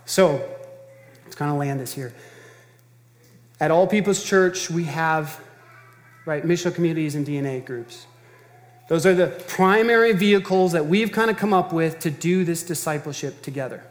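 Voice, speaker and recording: A man's voice: fairly high pitch, normal speed, long pauses, long reverb tail. A man preaching a sermon as pastor, earnest and emphatic, talking in a conversational way and repeating phrases for stress.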